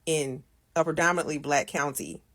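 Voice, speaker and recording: A woman's voice: low-pitched, fairly even intonation, moderate pace, a bit bright. A woman from the United States explaining something patiently in a casual video monologue, repeating her points. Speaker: social media commenter.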